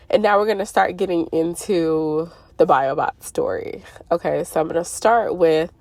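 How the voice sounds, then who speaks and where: A congested woman telling a long, rambling story in a casual monologue, full of fillers and slow stretched words. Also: on the low side, a little mellow, no room sound. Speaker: spiritual YouTuber. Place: Arizona.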